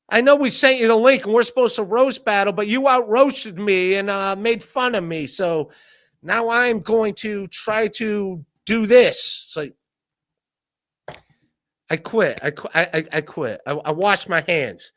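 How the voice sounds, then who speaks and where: A man hosting a podcast, rambling in a casual solo rant, swearing, laughing often and mock-shouting the people he quotes. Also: high voice, measured pace. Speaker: podcast host.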